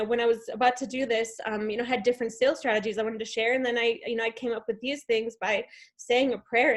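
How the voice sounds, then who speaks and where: Enthusiastic rambling woman on a video call. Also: fairly high pitch. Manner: enthusiastic, rambling with many fillers and restarts. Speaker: guest speaker. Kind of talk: motivational talk in a video chat.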